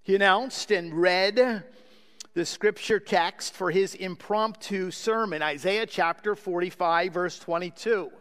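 A man's voice: high voice, a little slow, fairly bright tone. A man preaching a sermon as pastor, praying earnestly and then telling a story. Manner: earnest, prayerful. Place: church sanctuary. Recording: long hall reverb.

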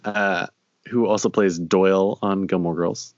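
A man's voice: deep voice, fairly even intonation, measured pace, no room sound. A man co-hosting a podcast over a video call, chatting casually, laughing often and adding trivia. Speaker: podcast co-host. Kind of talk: casual recap chat. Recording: dry, dull lo-fi audio.

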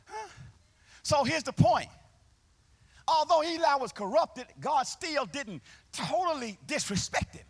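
A man pastor preaching a sermon live in a church, with a call-and-response, sing-song delivery that swells into shouts, and folksy, colloquial phrasing. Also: very high voice, lively intonation, a little slow, creaky, long pauses. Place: church sanctuary, live service.

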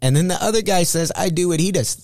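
A man's voice: high-pitched, fast, no echo, studio quality. A middle-aged man, a stand-up comedian, telling stories in a casual podcast chat, swearing often and acting out what people said. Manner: profane, animated storyteller acting out quotes.

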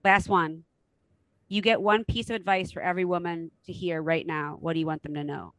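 A woman's voice: lowish voice, steady tone, fairly quick, fairly bright tone, no room sound, rough recording. A middle-aged woman hosting a casual interview podcast, frank and enthusiastic and swearing now and then. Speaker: podcast host.

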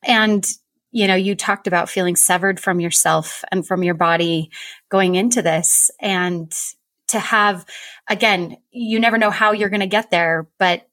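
A woman guest turns interviewer on a podcast, thinking out loud in a reflective conversation. She speaks at a middle pitch in a warm, affirming way, and the recording is dry. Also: steady tone, measured pace, dry recording.

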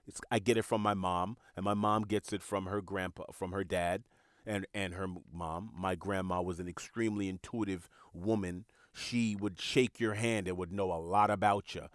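Brief: earnest male podcaster musing alone, lowish voice, halting repeats. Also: steady tone, no echo, clean studio sound. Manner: earnest, repeats words when searching for them. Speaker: podcast host. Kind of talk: reflective monologue.

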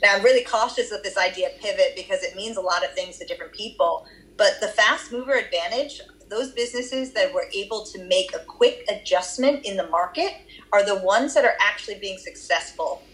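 A woman with a Boston accent answers interview questions about her research as a guest, explaining at length with occasional fillers. Her medium-pitched voice is brisk and a bit bright, in a rough recording.

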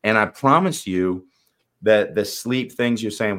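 A man's voice: lowish voice, unhurried, fairly bright tone. A man co-hosting a podcast as a coach, talking emphatically and preachily with casual swearing.

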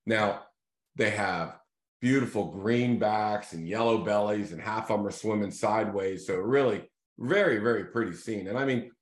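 A man hosting a casual video series, telling a fishing story in a loose, animated way and acting out the voices of the people in it. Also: fairly low pitch, moderate pace. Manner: animated storyteller who acts out quoted voices. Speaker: real estate team leader hosting a video series. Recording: echoey room.

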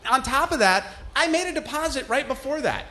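A man's voice: very high-pitched, animated, fairly quick, sharp tone. A man hosting a podcast, telling a story in a casual, heated, profane way, full of "like". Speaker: podcast host.

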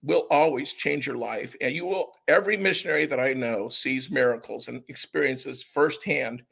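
A man appears as a guest in a conversational interview, earnestly and reflectively recalling personal experiences. His mid-range voice is gravelly and husky yet fairly bright, and he speaks at a normal speed.

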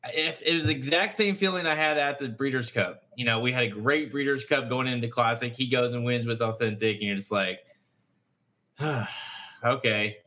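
A man co-hosting a racing podcast from a press room, chatting casually in an animated, exasperated rambling way. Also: medium pitch, fairly quick, hardly any pauses. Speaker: podcast co-host. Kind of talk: casual chat.

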